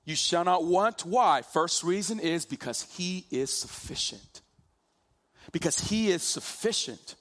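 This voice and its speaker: A man preaching a sermon, slow and emphatic, drawing out key phrases for weight. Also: sits high, expressive, fairly bright tone.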